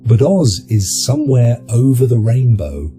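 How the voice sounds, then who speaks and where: A man's voice: medium pitch, sing-song, a little slow, mellow, faint music behind. A man voicing a lonely male trash goblin creature, telling his story in a bitter, confessional way. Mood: rueful. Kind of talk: dramatized video narration.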